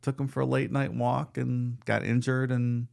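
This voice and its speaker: A male podcast co-host with a gravelly, creaky voice, talking in a relaxed, wry way. He sits at an average pitch for a man and chats casually with his co-hosts. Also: normal speed.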